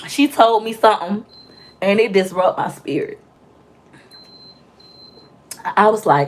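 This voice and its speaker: Loud, chatty young woman livestreaming. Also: medium pitch, takes it slowly, long pauses. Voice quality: loud, talkative. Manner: animated storytelling with playful voices for quotes. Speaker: livestream host. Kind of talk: casual live-stream chat with viewers.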